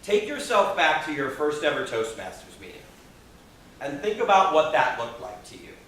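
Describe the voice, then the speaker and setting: Male motivational speaker, bright tone, high-ish voice, echoey hall-like room from a distance. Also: moderate pace, a little hiss or hum. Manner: expressive, acts out quoted people, audience questions. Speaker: Toastmasters speaker. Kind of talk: motivational speech to a live audience. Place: meeting room with audience.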